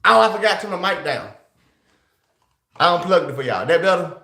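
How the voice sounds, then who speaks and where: A male livestream host who talks straight to his chat in an excitable, casual way. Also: on the high side, quick pace, long pauses, roomy sound.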